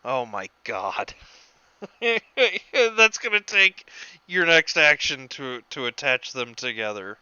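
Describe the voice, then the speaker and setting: Slow, bright-voiced male game master. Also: mid-range voice, sing-song, smooth, dry recording, lo-fi sound. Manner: halting, laughs easily. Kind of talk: narrating a tabletop game.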